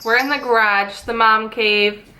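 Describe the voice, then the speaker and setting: High-voiced young woman telling a story. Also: a little slow, slight background noise. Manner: animated, dramatic retelling with rhetorical questions. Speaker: vlogger. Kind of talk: storytelling vlog. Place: home garage and yard, outdoors at times.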